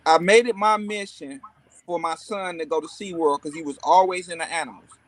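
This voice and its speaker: High-voiced man telling a family story. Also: fairly even intonation, brisk, a bit bright, no echo. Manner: folksy, tells a family anecdote. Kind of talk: casual podcast chat.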